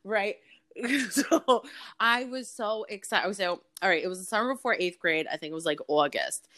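A woman's voice: medium pitch, normal speed, pushed and bright, dry recording. A woman in her forties, talking as an interview guest and telling personal stories in a candid, frank way, swearing freely and laughing often. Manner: candid, frank and profane, with frequent laughs and fillers. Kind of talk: casual interview storytelling.

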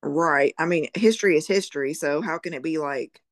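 A woman in her late thirties, a podcast co-host chatting casually with quick, supportive reactions. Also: low-pitched, no room sound, studio quality. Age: late 30s. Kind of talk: casual chat.

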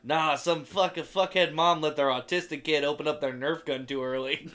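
A young man with a slightly high voice trades crude, dark jokes on a casual comedy podcast. He laughs often and stumbles through halting restarts. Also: steady tone. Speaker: podcast co-host.

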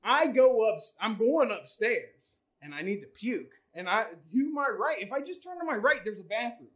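A man's voice: sits high, sing-song, moderate pace, fairly bright tone. A man co-hosting a casual podcast, telling a story and laughing through it while swearing freely. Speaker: podcast co-host.

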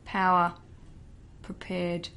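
A young Australian woman hosting a podcast, chatting in a bubbly, casual way with quick asides. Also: on the low side, monotone, creaky, sharp tone. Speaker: podcast host.

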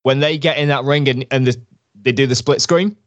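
Male co-host, mid-pitched, upbeat and jokey, easy banter. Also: fairly quick, muffled recording. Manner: enthusiastic, jokey. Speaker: wrestling podcast co-host. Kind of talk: casual chat.

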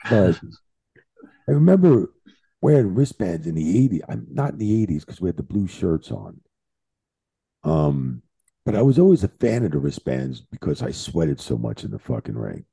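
A man with a low, gravelly voice and a dark, husky tone tells wrestling road stories on a podcast. His pitch swings widely as he works through profane, animated anecdotes. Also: normal speed, dry recording. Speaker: guest, veteran wrestling referee. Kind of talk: casual podcast storytelling.

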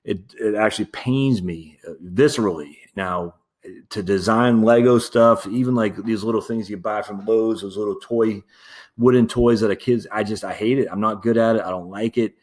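A man with a fairly low voice hosts his own podcast in a loose, off-the-cuff way. He rambles candidly, stumbles over restarts and fillers, and slips in an easy chuckle as he speaks to his listeners as friends. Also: fairly even intonation, moderate pace, darkish tone. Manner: laughs easily while talking. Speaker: podcast host. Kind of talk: casual solo commentary.

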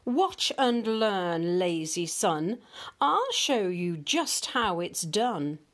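A woman voicing a boastful male north wind in a storybook reading, showy and jeering, slow and drawn out. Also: mid-range voice, very animated.

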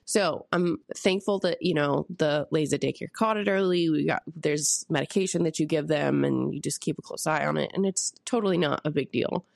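A woman's voice: low-pitched, fairly quick, vocal fry, few pauses, no echo, clean studio sound. Candid, swearing woman co-host. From St. Louis area. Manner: candid, swears freely, animated storytelling. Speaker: podcast co-host; parent of a young daughter. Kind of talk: casual chat.

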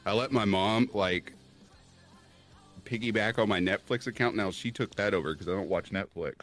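Deep-voiced joking man in a chat. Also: moderate pace, fairly bright tone, faint music behind. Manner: jokey, laughs often. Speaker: co-host on a chat stream. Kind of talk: casual group chat.

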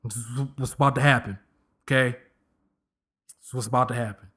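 A man's voice: mid-range voice, a little fast, husky. A man in his thirties hosting a podcast, giving a comedic casual monologue and slipping into voices as he jokes. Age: 30s. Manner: animated, joking, slips into voices. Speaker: podcast host.

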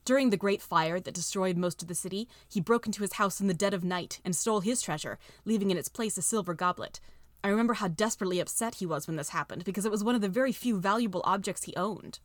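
A woman reading a story aloud with steady, expressive narration. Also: medium pitch, fast talker, no echo. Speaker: audiobook reader.

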